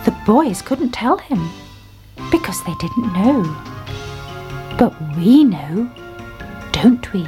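Woman, children's story reading, expressive, animated pitch, faint background music. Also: takes it slowly, long pauses.

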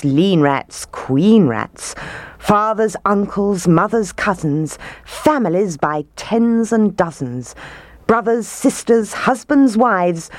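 A woman reading a storybook aloud with expressive, rhythmic narration. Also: sits low, dry recording.

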